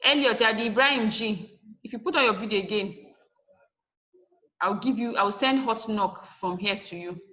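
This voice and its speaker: A woman's voice: mid-range voice, moderate pace, pushed and bright, muffled recording. A woman teacher giving a lesson over a video call, firm and instructive, spelling out word endings letter by letter. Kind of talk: online class lesson.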